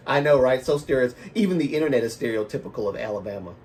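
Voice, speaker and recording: A man's voice: mid-range voice, expressive, very fast, darkish tone, distant mic, slight background noise. A man hosting a casual livestream, talking in a rambling, self-correcting way and laughing at his own remarks, with a lingering cough. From American South and Baltimore. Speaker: livestream host. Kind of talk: casual live-stream chat.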